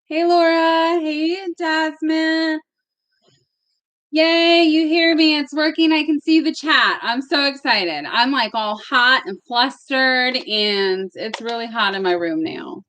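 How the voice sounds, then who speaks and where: Young woman, high voice, unhurried, chatty tarot live-streamer in her bedroom, bubbly and giggly. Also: fairly even intonation, fairly bright tone. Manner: bubbly, greets chat viewers by name, laughs often. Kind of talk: casual live-stream chat.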